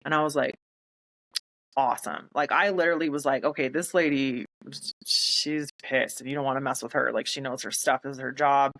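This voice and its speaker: A woman's voice: extremely low pitch, steady tone, fairly bright tone, rough recording. A young woman, a military veteran, telling her own story in an interview, candid and emotional, often acting out what others said to her. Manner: emotional, candid, quotes others in rapid retelling.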